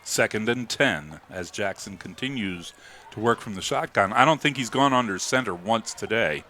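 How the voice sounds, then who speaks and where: A man calling live football play-by-play, rising to excited calls on big plays. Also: on the low side, normal speed, slight background noise. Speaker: play-by-play announcer.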